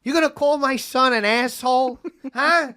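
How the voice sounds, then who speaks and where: A woman's voice: sits high, moderate pace, pushed and bright. A woman voicing a brash, confrontational middle-aged dad with a New Jersey accent, as a bit in podcast chat. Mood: belligerent.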